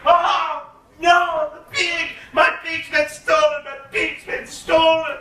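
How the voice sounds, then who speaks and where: A high, pleading, bright voice of a gullible, henpecked village man, put on by a man telling the tale. He whines and frets in a panic. The sound is roomy and comes from a mic some way off. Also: moderate pace, heavily acted. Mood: panicked. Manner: whining, pleading. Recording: roomy echo, mic at a distance.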